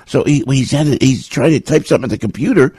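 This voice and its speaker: A man hosting a morning radio show, telling stories and joking in quick banter. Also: medium pitch, breathy edge, no room sound. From United States. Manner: animated, jokey storyteller.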